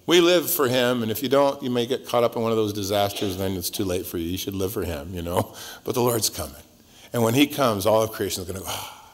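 A male pastor teaching through a Bible passage verse by verse in a relaxed, joking, conversational way, his voice swinging up and down. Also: fast, a little hiss or hum. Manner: conversational and joking, with wide swings in pitch and loudness.

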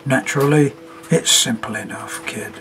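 A man voicing a gentle, worn down-and-out man in a story reading, speaking low and soft. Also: lively intonation, moderate pace, music in the background, close to an everyday voice. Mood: coaxing.

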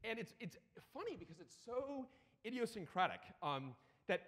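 A man giving a live lightning talk at a conference while demoing a terminal, excitable and profane, with rapid asides. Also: sits high. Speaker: conference speaker. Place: conference hall. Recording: reverberant conference hall.

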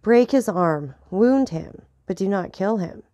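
A woman's voice: medium pitch, lively intonation, a little slow, dark tone, no echo, muffled recording, natural voice. A woman voicing an anxious, earnest young soldier who pleads with his friend.

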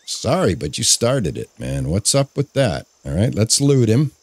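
A man's voice: medium pitch, sing-song, normal speed, slight background noise. A man casually commenting on a farming game as he plays, chatty and jokey, talking to himself and the characters on screen. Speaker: gamer playing through a farming game.

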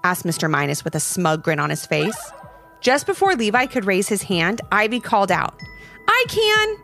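A woman's voice: mid-range voice, lively intonation, normal speed, creaky, fairly bright tone, faint music behind. A woman narrating a children's story expressively, speaking to young listeners.

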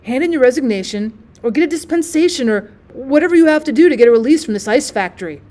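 A woman reading the part of an excitable young gentleman who sputters emphatically. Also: high voice, fast. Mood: pleading. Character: excitable young male society friend.

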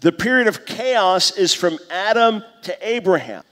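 A man in his fifties with a high-set voice delivers a conference lecture on scripture. He teaches in a lively way and slips into the voices he quotes. His words ring out with a long reverb off a large hall. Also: unhurried. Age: 50s. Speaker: conference speaker.

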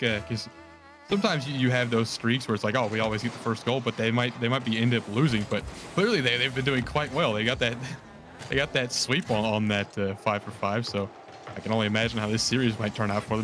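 A man calling esports play-by-play in a quick, rambling way, often correcting himself mid-sentence. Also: mid-range voice. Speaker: play-by-play caster.

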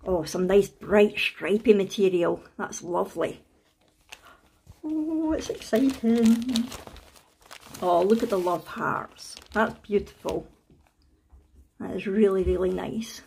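A Scottish woman in a casual craft unboxing vlog, excitable and gushing, with frequent gasps and delighted exclamations. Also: mid-range voice, husky. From Scotland. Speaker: craft vlogger.

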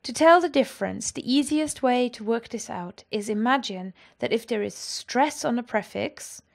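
A woman teaching a language lesson, explaining clearly and with lively energy. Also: on the high side.

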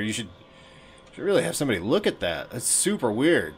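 Animated jokey man streaming a game. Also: fairly high pitch, takes it slowly, faint music behind. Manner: animated, jokey, mock-dramatic, swears. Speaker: streamer playing an online game. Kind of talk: casual gameplay commentary.

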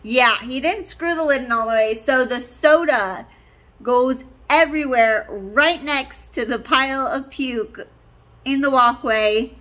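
A family vlogger and mother of twins talks casually to the camera in a hotel room. She tells rambling stories packed with "like" in a high, fairly bright voice, speaking a little slowly.

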